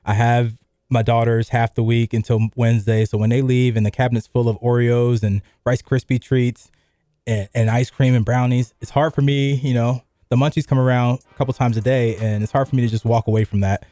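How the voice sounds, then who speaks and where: A middle-aged man hosts a sports radio show, chatting loosely and rambling with lots of fillers in casual sports talk. Recorded on a studio microphone, the sound is dry and clean. His voice is medium-pitched, level in tone, mellow, and a little fast.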